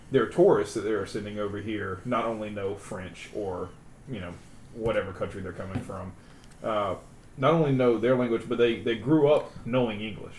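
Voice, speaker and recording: A man giving his view in a laid-back, rambling way during a group chat. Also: on the low side. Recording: echoey room, faint noise.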